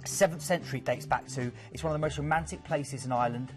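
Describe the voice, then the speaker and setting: A man from the UK with a lively, chatty manner, presenting cruise destinations as a sales host and joking about himself. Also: medium pitch, fast, faint music behind. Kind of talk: enthusiastic sales pitch.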